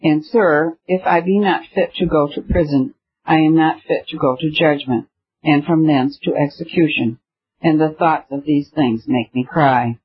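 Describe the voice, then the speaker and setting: A man's voice: a little high, unhurried, slightly rough, dull audio. A man voicing an anxious, burdened pilgrim who speaks in an earnest, pleading way.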